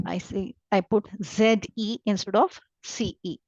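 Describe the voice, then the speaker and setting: Slow patient Indian woman teaching German. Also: medium pitch, fairly even intonation, a little mellow, dry recording. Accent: Indian English. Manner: patient, repeats each word slowly. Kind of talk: slow online language lesson. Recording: dull lo-fi dry sound.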